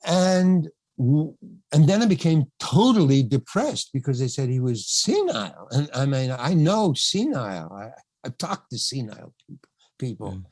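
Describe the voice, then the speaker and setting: An older man rambles through a story as a podcast guest, stopping and restarting his phrases constantly. His pitch jumps around with lively animation. The sound is dry and close. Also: no echo. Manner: rambling, halting, many restarts and "you know". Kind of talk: storytelling anecdote in casual chat.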